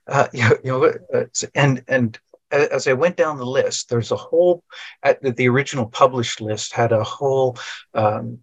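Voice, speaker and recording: A man talking as a podcast guest in casual conversation, rambling and halting and often restarting his sentences. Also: mid-range voice, breathy edge, no echo.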